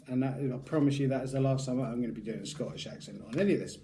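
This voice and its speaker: A man's voice: medium pitch, rapid-fire, hardly any pauses, mellow. A man giving a rambling, jokey unboxing review of a tattoo aftercare product, talking straight to his viewers. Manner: rambling, chatty, jokey asides.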